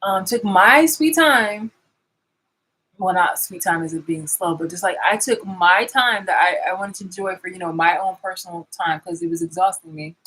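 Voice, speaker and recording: A woman's voice: on the low side, moderate pace, a bit bright, slightly rough, poor audio. A woman vlogger in a rambling, sarcastic rant, swearing and restarting her sentences as she calls people out. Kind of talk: confrontational vlog rant.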